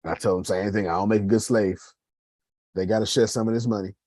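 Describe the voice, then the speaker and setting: A man's voice: on the low side, fairly even intonation, fast talker, darkish tone, no room sound. A man running a casual motivational talk about his business, speaking straight to listeners and rambling through his points. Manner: conversational, addresses listeners as y'all, rambling with restarts.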